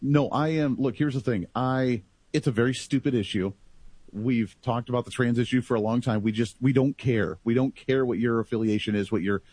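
A man talking in a casual political talk show, animated and rambling in long stretches. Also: medium pitch, moderate pace, dry recording.

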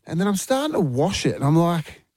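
A man's voice: fairly high pitch, sing-song, fairly quick, a little mellow, no room sound, clean studio sound. A middle-aged Australian man hosting breakfast radio, telling stories in a laid-back way and acting out what people said. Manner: laid-back storytelling, acts out quotes, frequent laughs. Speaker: radio host. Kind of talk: casual breakfast radio banter. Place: radio studio. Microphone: studio microphone.

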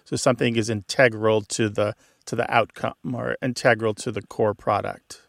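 Gravelly-voiced radio host explaining. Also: male voice, lowish voice, flat delivery, normal speed, no echo, clean studio sound. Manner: enthusiastic, explanatory. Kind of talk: explaining on a call-in radio show.

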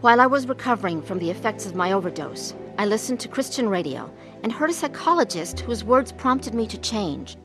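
A woman earnestly narrating her own life story, acting out her scenes with deep emotion. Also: very animated, brisk, hardly any pauses, over music. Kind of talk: dramatized testimony narration.

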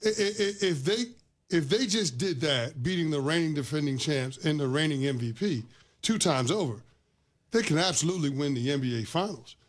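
A man arguing basketball on a sports radio show in a studio, animated, often restarting his sentences. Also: fairly high pitch, fairly quick. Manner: animated argument with stammered restarts.

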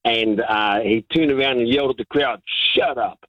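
A man, calling in to a radio show and telling an animated anecdote full of restarts and chuckles. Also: medium pitch, fairly quick, dry recording. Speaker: caller. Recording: dull, lo-fi line.

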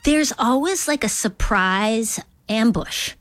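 A woman's voice: on the high side, lively intonation, slow pace, a bit bright, dry recording. A woman comedian from Minnesota, talking casually in an interview with rambling, self-deprecating asides. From Duluth, Minnesota. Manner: rambling, self-deprecating, slips into character voices. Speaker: comedian guest.

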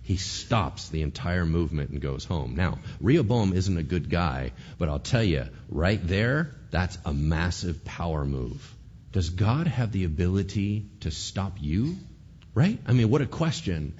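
Male pastor, husky, lively delivery, full of rhetorical questions; dull lo-fi recording. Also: sits low, measured pace. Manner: animated, conversational, fires rhetorical questions. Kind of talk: sermon.

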